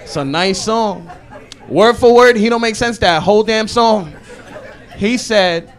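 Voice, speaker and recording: A man's voice: high voice, measured pace. A male comedian from Brooklyn doing stand-up on a club stage with emphatic, incredulous rants.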